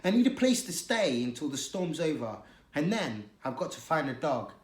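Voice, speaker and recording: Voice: mid-range voice, sing-song, moderate pace, lightly acted. A reader voicing a lost young male cat in a storybook, speaking in an eager, pleading way. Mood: quiet pleading. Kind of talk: story reading to children. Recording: echoey room.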